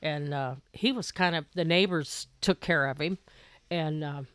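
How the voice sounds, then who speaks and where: A woman's voice: deep voice, unhurried, a bit bright, clear, resonant tone, no room sound. An older woman, the mother of the family, reminiscing about raising her sons. She finishes the others' sentences and tells stories in a plain, homey way. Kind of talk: casual family chat.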